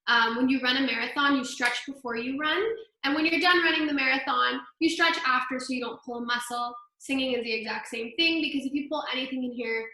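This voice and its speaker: Young female voice coach, high bright chatty delivery, very echoey room on a laptop mic, faint piano. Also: brisk. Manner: chatty, upbeat, filler-heavy, sings exercises. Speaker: voice teacher. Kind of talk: online group voice lesson. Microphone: laptop microphone.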